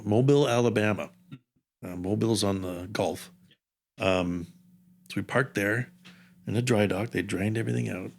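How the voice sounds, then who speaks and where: Man, 50s, somewhat low-pitched; casual, wandering storyteller who doubles back mid-thought. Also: vocal fry. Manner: rambling, jumps around in time with asides. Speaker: underwater camera operator, podcast guest.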